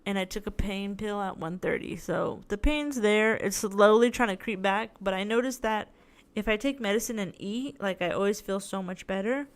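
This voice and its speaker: Young female podcast host, casual rambling storyteller, smooth clear tone, tired and sore. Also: medium pitch, normal speed. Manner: rambling, chatty storytelling with many "like"s. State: tired, in tooth pain. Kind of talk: casual solo podcast chat.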